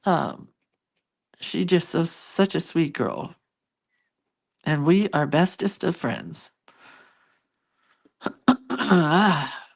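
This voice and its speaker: A middle-aged woman talks casually to her viewers, rambling from one story to the next. She restarts sentences and fills pauses with ums. Her voice sits a little low. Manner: rambling, chatty, with many fillers and restarts. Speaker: host. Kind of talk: casual chat to live viewers.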